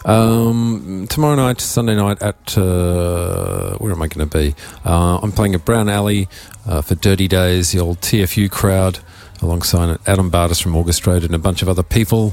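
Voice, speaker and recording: An Australian man hosting a radio show in a studio, chatting casually with a croaky voice and a rambling, offhand manner. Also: low-pitched, fairly even intonation, normal speed, few pauses, a little mellow. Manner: rambling, offhand, self-mocking. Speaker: radio DJ host.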